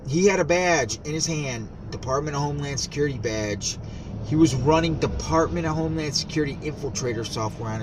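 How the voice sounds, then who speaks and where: A man vlogging outdoors by a road, talking in an agitated, conspiratorial way and swearing often. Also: medium pitch. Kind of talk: rambling outdoor vlog. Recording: loud outdoor traffic noise. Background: traffic and street ambience.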